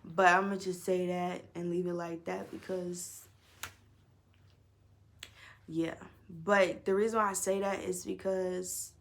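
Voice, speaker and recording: A young adult woman telling a storytime on her vlog, animated and profane, swinging between loud outbursts and low mutters. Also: slow, gravelly, pauses often, a little hiss or hum. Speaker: vlogger. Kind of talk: casual storytime.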